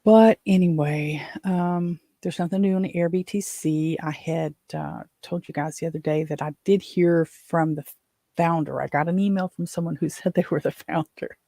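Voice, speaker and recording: A woman's voice: low-pitched, fairly even intonation, normal speed, mellow, no room sound, clean studio sound. A middle-aged woman from West Virginia hosting her own show, rambling through exasperated stories with lots of fillers. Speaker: podcast host. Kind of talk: casual chat.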